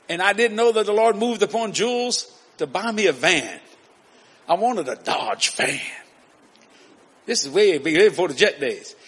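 A man preaching a story-filled sermon, animated and laughing as he acts out voices. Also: sits high, a little hiss or hum.

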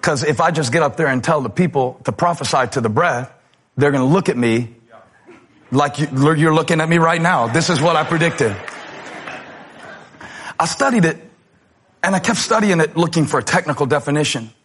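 A man preaching a sermon as pastor, animated, moving between loud passages and quiet ones. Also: on the high side, normal speed, long pauses, husky.

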